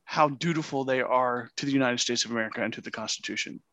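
A man's voice: mid-range voice, quick pace, fairly bright tone, no echo. A man co-hosting a debate podcast, speaking passionately and repeating words as he builds his point. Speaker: podcast co-host. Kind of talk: casual debate chat.

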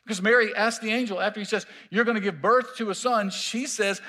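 A man preaching a sermon as pastor in a church, emphatic and drawn-out, repeating his key words. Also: high-pitched, fairly even intonation, sharp tone. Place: church sanctuary.

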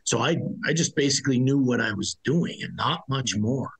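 A man's voice: mid-range voice, animated, moderate pace, gravelly, a bit bright, husky, poor audio. A middle-aged man, a former soldier as interview guest, telling his story bluntly and ramblingly, with many restarts. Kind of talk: conversational storytelling.

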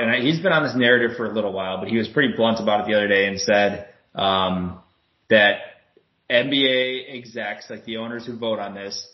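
Male podcast co-host, fired-up and profane, roomy lo-fi sound. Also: fairly low pitch. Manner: animated, swears a lot, heated storytelling. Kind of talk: casual sports chat.

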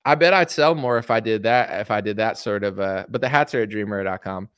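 A man's voice: fairly low pitch, brisk, fairly bright tone, smooth, no echo, studio quality. A young man hosting a casual livestream, rambling and sarcastic with lots of filler words while he reads viewer chats. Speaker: livestream host.

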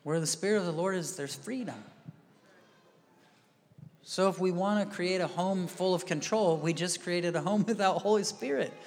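A male pastor giving a conversational sermon, dropping to quiet asides and rising to loud emphatic bursts. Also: high voice, moderate pace. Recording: reverberant hall.

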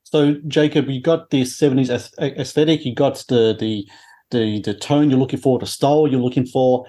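A man's voice: medium pitch, moderate pace, dark tone. A man hosting a podcast, asking long, rambling questions full of restarts and fillers. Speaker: podcast host. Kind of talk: interview questions.

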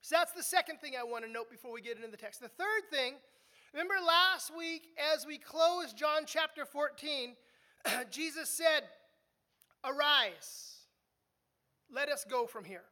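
A woman delivers a verse-by-verse sermon, talking to the congregation as if chatting with them. Her voice sits high and has a bright, forward edge. She often stumbles into repeated words as she restarts a thought. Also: a little slow. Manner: conversational teaching, repeats words when restarting. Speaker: preacher. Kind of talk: expository sermon.

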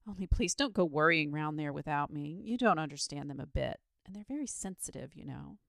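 A woman doing a calm, sleepy bookish boy. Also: sits low, fairly quick, vocal fry, dry recording, clean studio sound, heavily acted. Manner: quiet, sleepy, matter-of-fact.

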